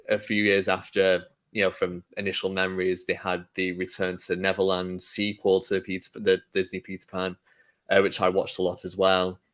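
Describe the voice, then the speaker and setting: A man in a casual podcast discussion, rambling through one example after another. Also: sits low. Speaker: podcast guest.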